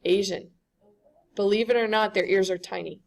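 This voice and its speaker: A woman's voice: mid-range voice, fairly even intonation, normal speed, vocal fry. A woman giving a classroom lecture, conversational and often checking in with the students.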